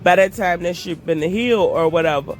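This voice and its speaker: A woman telling a casual storytime vlog while walking, animated and profane, often calling her viewers "y'all". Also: on the low side, fairly quick, a little hiss or hum. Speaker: storytime vlogger.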